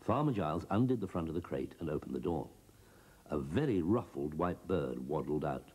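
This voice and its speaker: Husky, low-voiced male storyteller. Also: moderate pace. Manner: expressive, bouncing between character voices. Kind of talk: scripted children's storybook narration.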